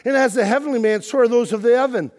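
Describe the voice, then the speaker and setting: High-voiced preacher in a big reverberant hall. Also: male voice, quick pace. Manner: emphatic preaching, shouting at peaks, quiet when telling personal story. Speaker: pastor. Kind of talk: sermon.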